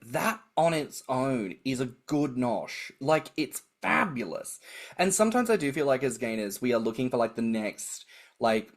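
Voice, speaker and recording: An Australian man co-hosting a chatty podcast. He tells stories with lots of energy and acts out the people he quotes. His talk is loose and full of swearing. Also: medium pitch. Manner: animated storyteller, acts out quoted voices, swears freely. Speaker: podcast co-host. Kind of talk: casual chat.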